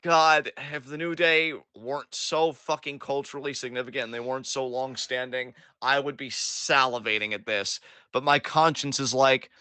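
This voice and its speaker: A man's voice: mid-range voice, fairly even intonation, normal speed, bright, forceful tone, clear, resonant tone, no echo. A man co-hosting a casual wrestling recap podcast, swearing freely and sarcastically acting out what the wrestlers said. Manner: profane, sarcastic, acts out quotes. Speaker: podcast co-host.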